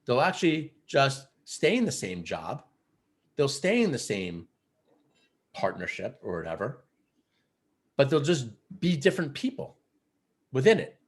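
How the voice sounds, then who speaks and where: A man coaching other men, telling stories in a casual interview, earnest and animated, with many fillers like "you know" and "like". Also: mid-range voice, measured pace, long pauses. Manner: earnest, animated storyteller who acts out quotes. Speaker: guest, men's coach.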